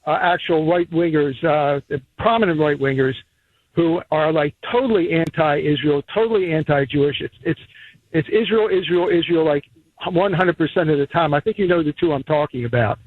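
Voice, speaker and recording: A man's voice: on the high side, moderate pace, no echo. A man from Rhode Island calling in to a radio show, rambling through his points with restarts. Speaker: caller. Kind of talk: call-in radio talk. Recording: tinny phone line.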